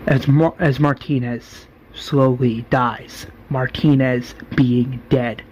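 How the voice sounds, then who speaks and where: A man's voice: mid-range voice, fairly even intonation, takes it slowly, a little mellow, highs cut off, slight background noise. A man giving a casual, rambling spoken recap, full of fillers, acting out the lines. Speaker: fan recapper.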